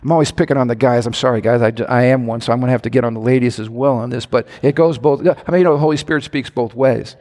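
A man preaching a sermon as a pastor, animated, with sudden shouts and playful impressions. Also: medium pitch, fast, hardly any pauses. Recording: long church hall reverb.

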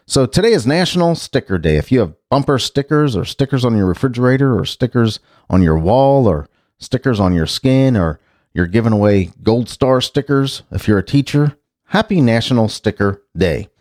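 A man's voice: medium pitch, lively intonation, normal speed, darkish tone, dry recording, studio quality. A man hosting a casual rundown of the day's birthdays and holidays, rambling and correcting himself as he goes. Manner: chatty, rambling, self-correcting. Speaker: podcast host.

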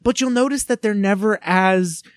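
Man, podcast co-host, casual chat, opinionated, slightly high voice, dry close sound. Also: normal speed, dry recording. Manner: opinionated, talkative, riffs on pop culture.

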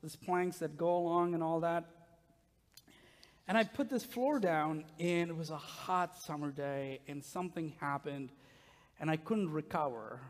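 A middle-aged man, a pastor, preaching a sermon with animated, humorous personal stories to his congregation in a church. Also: fairly high pitch, a little slow. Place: church sanctuary. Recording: long reverb of a large hall.

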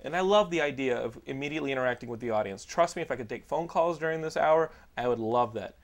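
A man's voice: medium pitch, animated, fast talker. A man hosting a casual podcast chat, joking and rambling with lots of restarts. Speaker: podcast host.

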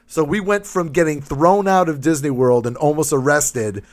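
Speaking at a moderate clip in a voice on the high side, a man from Massachusetts relaxes into a comic podcast anecdote. He performs other people's dialogue with animation and laughs a lot along the way.

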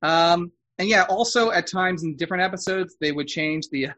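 A man hosts a podcast in a loose, casual way, circling back on himself with fillers and restarts. His voice sits a little high. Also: moderate pace, sharp tone. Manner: rambling, with many fillers and restarts. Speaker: podcast host.

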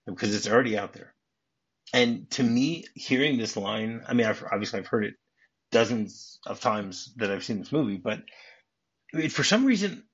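A man's voice: medium pitch, fairly bright tone, slightly rough, lo-fi sound. A man hosting a podcast, casually retelling movie scenes with many restarts and acted-out lines. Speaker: podcast host.

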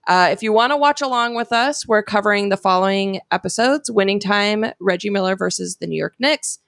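A woman co-hosting a podcast in casual chat, warm and encouraging. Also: mid-range voice, fairly quick, gravelly, dry recording, clean studio sound. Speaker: podcast co-host.

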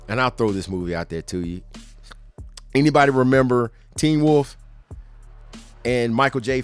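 A middle-aged man hosting a podcast, telling a story in a casual way, laughing often and acting out the lines of the people in it. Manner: animated, acts out quotes with raised pitch. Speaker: podcast host.

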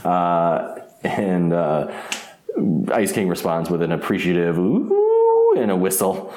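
A man's voice: sits low, steady tone, unhurried, a little mellow, roomy sound, slight background noise. A man co-hosting a podcast, recapping an episode in a rambling, casual way and laughing often. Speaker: podcast co-host.

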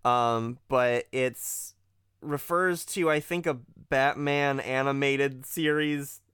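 A man's voice: medium pitch, steady tone, takes it slowly, a bit bright, clear, resonant tone, dry recording, studio quality. A man co-hosting a podcast in a casual chat, explaining events at length with many fillers. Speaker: podcast co-host. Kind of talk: casual chat recapping a video game.

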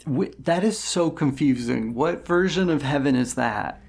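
A man's voice: on the high side, unhurried, creaky, husky. A man co-hosting a casual podcast, dropping wry comments and laughing at his partner's story. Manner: wry interjecting remarks with frequent laughs. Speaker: podcast co-host. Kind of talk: casual chat.

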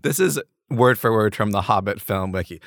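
A man's voice: lowish voice, lively intonation, normal speed, no room sound. Playful man podcasting, dry close sound. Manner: playful, giggly, rambling. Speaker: podcast co-host. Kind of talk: casual comedic chat.

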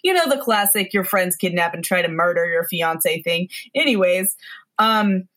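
A woman's voice: lowish voice, animated, moderate pace, a bit bright. A woman co-hosting a podcast, chatting casually about a bad movie with sarcastic disbelief and lots of "like" fillers. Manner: sarcastic, incredulous, many "like" fillers. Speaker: podcast co-host. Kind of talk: casual movie review chat.

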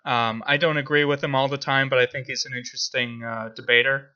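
A man's voice: medium pitch, fairly even intonation, a little fast, bright, forceful tone, smooth, muffled recording. A man co-hosting a podcast in casual chat, hesitant, with many fillers and restarts. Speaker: podcast co-host.

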